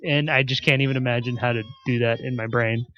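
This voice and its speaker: Easygoing man chatting, mid-pitched voice. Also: fairly even intonation, fast, lo-fi sound. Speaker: podcast co-host. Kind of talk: casual chat.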